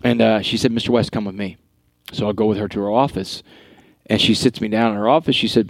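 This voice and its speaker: Middle-aged male guest, low voice, close dry studio sound, earnest storyteller. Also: fast talker, gravelly, no room sound. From Texas. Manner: earnest, animated storytelling with quoted dialogue. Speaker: guest speaker. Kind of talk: storytelling interview.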